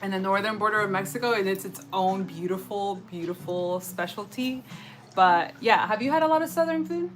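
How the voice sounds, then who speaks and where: A woman's voice: mid-range voice, fairly quick, rough recording. A woman from San Diego co-hosting a casual cooking livestream, chatting in slang and reading out viewer comments. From San Diego, California, USA. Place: home kitchen. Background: background music.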